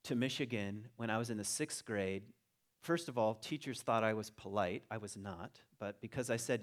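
A middle-aged man giving a relaxed, conversational talk, telling a family story with frequent restarts and fillers. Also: on the low side, fairly quick. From Virginia.

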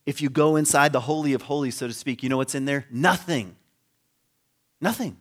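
A man's voice: mid-range voice, fairly even intonation, quick pace. A man giving an informal teaching talk on biblical history, conversational, with frequent laughs and rhetorical questions to the listeners. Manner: conversational, laughs often, trails off and restarts.

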